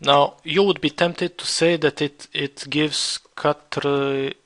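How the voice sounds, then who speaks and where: A man teaching a beginner French lesson, repeating words slowly and spelling them out letter by letter. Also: fairly high pitch, steady tone, fairly bright tone. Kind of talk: slow beginner language lesson.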